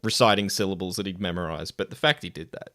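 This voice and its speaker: A man's voice: low voice, fast talker, dry recording, clean studio sound. A man co-hosting a casual podcast, telling stories with frequent laughter and swearing. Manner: laughs often, swears, animated storytelling. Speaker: podcast co-host.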